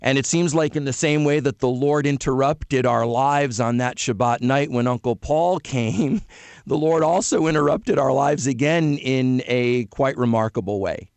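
A man hosting a radio talk show, interviewing a caller in a brisk, friendly way and moving toward a break. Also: medium pitch, creaky, a little mellow, dry recording. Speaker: radio host.

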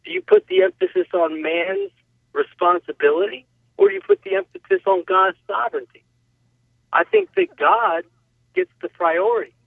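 Male caller, very high and gravelly, lively pitch, earnest explainer, tinny phone line. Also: moderate pace, no room sound. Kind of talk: radio call-in talk.

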